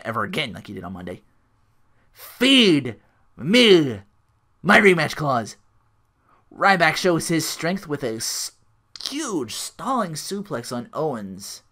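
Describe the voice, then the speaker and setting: A man's voice: medium pitch, bright, forceful tone. A man hosting a solo podcast, recapping a wrestling show in a rambling way full of likes and restarts. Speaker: podcast host.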